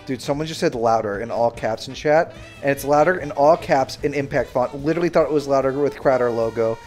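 A young man livestreaming a game, bantering loudly and sarcastically with his chat in mock outrage. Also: medium pitch, fairly quick, faint music behind. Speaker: streamer. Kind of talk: live gaming stream chatter.

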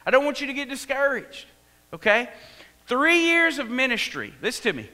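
A man with a Texan accent preaching a sermon, telling the story with animated delivery and acting out the voices. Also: extremely high pitch, moderate pace. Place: church sanctuary. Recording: echoey church hall.

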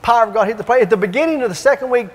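A man evangelist preaching and telling stories in an animated, repetitive, emphatic way in a church. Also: very high-pitched, very fast. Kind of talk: preaching with storytelling. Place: church sanctuary. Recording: long church-hall reverb.

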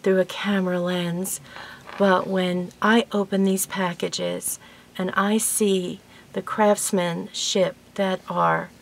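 A woman's voice: lowish voice, gravelly. A woman in her sixties telling a rambling home story in a casual vlog, chatty and laughing often, then showing off a gift. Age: 60s. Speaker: vlogger.

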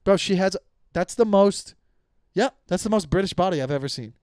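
A man's voice: high voice, animated, moderate pace, a little mellow, clear, resonant tone, dry recording, clean studio sound. Profane rambling male podcast host. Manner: profane, rambling with many restarts. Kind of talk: casual comedic rant.

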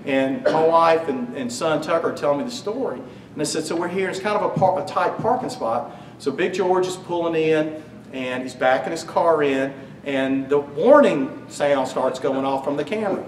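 A man in middle age speaks at his father's memorial, his fairly high voice carried through an echoing hall. He jokes with the gathered crowd as he tells family stories. The mic sits some distance away, with a faint hum underneath. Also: moderate pace. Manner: warm storytelling, joking with the crowd. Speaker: son giving a eulogy. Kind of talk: eulogy speech with humorous stories.

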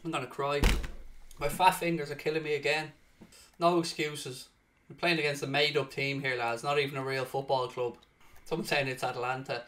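A man hosting and commentating on his own football video game, excitable and swearing loudly in frustrated outbursts, sounding tired. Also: medium pitch, brisk, background noise. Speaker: gaming streamer and host. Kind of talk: live gaming commentary.

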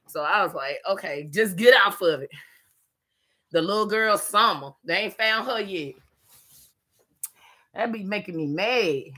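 A woman's voice: medium pitch, expressive, unhurried, pauses often, fairly bright tone, husky. A middle-aged woman, chatting casually and laughing often with viewers on a live stream while she is tired.

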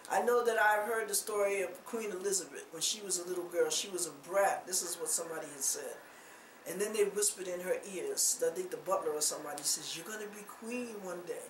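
A woman preaching an informal sermon in a loose, conversational way, full of rhetorical questions and "you know". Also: medium pitch. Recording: roomy echo, distant mic, faint noise.

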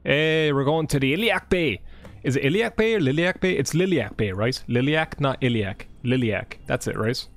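Over game music, a man streams a game live, rambling casually, joking and swearing as he chats with viewers. His voice is fairly high and animated, at a normal speed.

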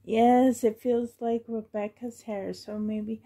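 A woman's voice: fairly high pitch, fairly even intonation, slow pace, hardly any pauses, warm tone. A woman vlogging as she unboxes a reborn doll, gushing fondly and often dropping to half-whispered asides. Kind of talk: unboxing vlog chat.

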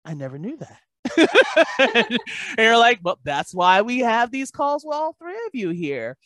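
A woman math tutor in a podcast conversation, telling lively stories and acting out the parents and kids she works with. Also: on the high side, slow pace. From Baltimore, Maryland. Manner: animated storyteller, acts out parents and kids.

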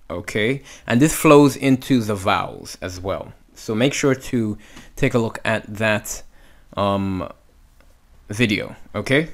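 A man teaching Hebrew reading in a video lesson, sounding out syllables and often checking in with "okay?". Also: mid-range voice. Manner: patient, repetitive, checks in with "okay?".

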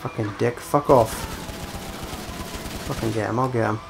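A young man talks over his gameplay in a casual let's-play style, at a middling pitch. He mutters curses at the screen under his breath and breaks into loud, gleeful shouts at his wins. A faint hiss runs under the voice. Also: steady tone, normal speed, vocal fry. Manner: swears constantly, mutters to himself, bursts out loudly at wins. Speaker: gameplay commentator.

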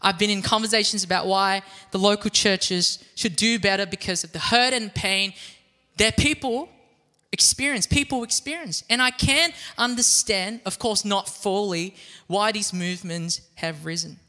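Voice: medium pitch, normal speed, sharp tone. A conference founder, giving an earnest, reflective opening address. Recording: long hall reverb.

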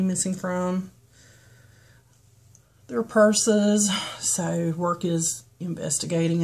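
Southern woman from the carolina foothills, kinda low voice, rambly makeup chat with lots of ums. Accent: Southern US, North Carolina foothills, toned down. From western North Carolina, US. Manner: chatty, rambling, frequent ums and restarts. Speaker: beauty vlogger. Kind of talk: casual get-ready-with-me chat.

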